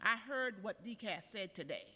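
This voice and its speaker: Woman union leader, bright, emphatic testimony, reverberant chamber. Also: mid-range voice, expressive, normal speed, a little hiss or hum. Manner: earnest, emphatic, reads prepared points. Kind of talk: public hearing testimony. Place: council chambers at city hall. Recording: council chamber, long reverb.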